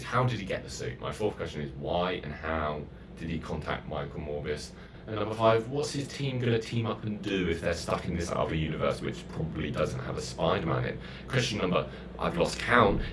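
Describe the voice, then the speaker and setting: A man's voice: sits low, slight background noise. A young man reviewing a film in a casual vlog, ranting in exasperation with mock outbursts.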